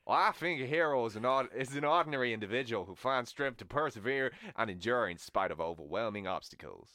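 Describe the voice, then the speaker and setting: A man putting on a Southern American accent for an earnest hero, speaking slowly and earnestly. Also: medium pitch, lively intonation, pushed and bright, no room sound, studio quality.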